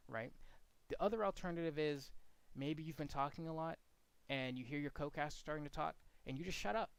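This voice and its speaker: A man with a higher-pitched, fairly quick, slightly bright and smooth voice, recorded dry. He coaches two commentators with casual, frank, blunt feedback, walking them through examples and demonstrating how commentary should be inflected.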